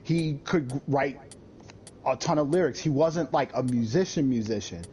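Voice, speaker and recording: A man's voice: mid-range voice, moderate pace, slight background noise. A man chatting casually on a gaming stream, swearing a lot and acting out the people he talks about. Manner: profane, animated, does voices of people he tells about. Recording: dull lo-fi stream audio with faint game music.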